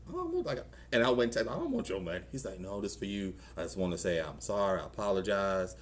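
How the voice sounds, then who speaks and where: A middle-aged man with a Southern US accent speaks in a deep voice, animated and fast, with slight background noise. He's a pastor in church delivering a conversational testimony sermon, telling his own story and acting out the voices in it.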